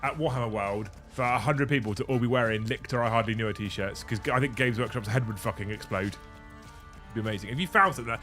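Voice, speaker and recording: A man's voice: medium pitch, fairly quick, a bit bright, faint music behind. Sweary man hosting a livestream. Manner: sweary, rambling banter. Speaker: livestream host. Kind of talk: casual livestream chat.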